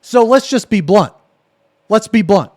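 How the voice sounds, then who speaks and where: High-pitched, angry ranting male streamer. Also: expressive, measured pace, a little mellow. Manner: angry, profane, repetitive ranting. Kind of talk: live stream reaction rant.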